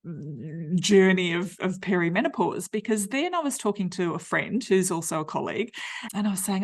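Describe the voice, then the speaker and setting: A woman's voice: lowish voice, animated, normal speed. A woman in her fifties with an Australian accent, telling her own story as a podcast host in a candid, chatty, blunt way full of fillers. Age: 50s. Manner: blunt and slangy. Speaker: podcast host, menopause nutritionist. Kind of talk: personal storytelling monologue.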